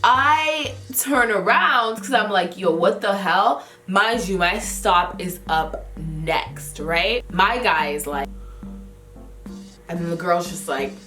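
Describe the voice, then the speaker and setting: A woman's voice: fairly low pitch, takes it slowly. Slangy young woman telling a story in an echoey room. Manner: animated, slangy storytelling with acted-out reactions. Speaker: beauty vlogger. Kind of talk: casual storytelling vlog. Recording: roomy echo with faint music.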